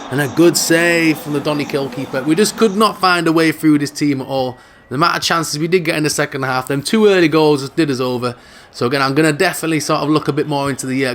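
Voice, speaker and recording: A man commentates on his own football video game in a casual, jokey way. His voice sits fairly high and he talks with animated banter. A faint room ambience sits behind him. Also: a little hiss or hum. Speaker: gaming video host.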